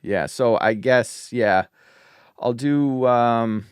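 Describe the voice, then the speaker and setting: A man's voice: medium pitch, drawn-out words, smooth, no echo, studio quality. A man playing a tabletop game, talking things through hesitantly with many fillers. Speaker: player. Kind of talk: casual tabletop game talk.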